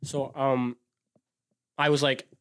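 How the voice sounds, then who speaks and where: A young man from Wisconsin, a show host, telling a story in an excitable, rambling, profane way with frequent restarts. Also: mid-range voice, takes it slowly, clean tone. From Wisconsin, US Midwest. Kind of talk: casual storytelling monologue.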